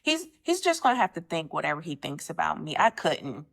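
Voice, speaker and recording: A young woman casually telling a story about her dating life, animated and slangy, acting out both sides of the conversations. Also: fairly quick, creaky. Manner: animated, slangy, jumps pitch when quoting people.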